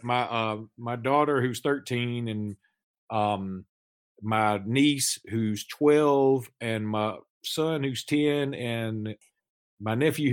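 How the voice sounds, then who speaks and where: A man in his thirties co-hosting a casual sports podcast, telling stories in a rambling way and often stopping to restart his sentences. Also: medium pitch. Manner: rambling, self-interrupting storyteller. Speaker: podcast co-host.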